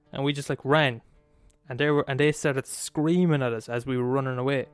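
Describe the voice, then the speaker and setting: An Irish man in a dry, close room telling a story, cursing often and tossing in "right?" to check the listener is following. His voice is medium in pitch, and faint guitar music plays under him. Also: fairly quick, dry recording. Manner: animated, swears a lot, asks the listener "right?". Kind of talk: casual storytelling.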